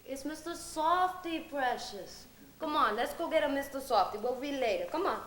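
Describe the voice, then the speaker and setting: A woman playing a loud, gossipy older woman who scolds and minds a small child, in a one-woman stage comedy. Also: sits high, animated, roomy sound, a little hiss or hum. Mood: soothing. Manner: brash, scolding, quick-tempered. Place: theater stage.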